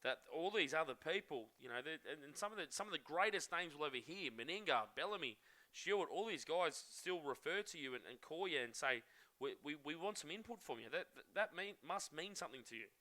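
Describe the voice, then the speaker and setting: Bright-voiced man hosting. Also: on the high side, animated, fairly quick. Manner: friendly, rambling questions with restarts. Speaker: podcast host. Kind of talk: casual interview.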